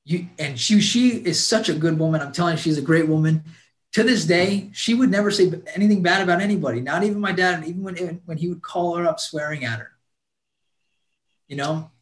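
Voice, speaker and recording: A man's voice: on the high side, a little fast. A man guest earnestly telling a heartfelt personal story, often restarting his sentences. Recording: roomy echo.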